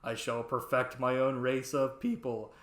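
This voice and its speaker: A man's voice: mid-range voice, flat delivery, a little slow, lightly acted. A man voicing an aging horror film star playing a brooding mad scientist, reciting in a grand theatrical way. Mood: grandiose. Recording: roomy echo.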